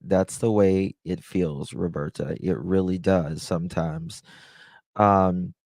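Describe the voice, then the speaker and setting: A man's voice: sits low, steady tone, slow pace, gravelly, darkish tone, no echo, clean studio sound. A man hosting a true-crime livestream in a casual, chatty way, greeting viewers and reading their comments aloud.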